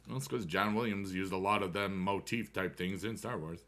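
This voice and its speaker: With long pauses and no rush, a man on a gaming stream rambles to his viewers about whatever comes to mind, humming tunes along the way. He has a low voice with a sharp tone.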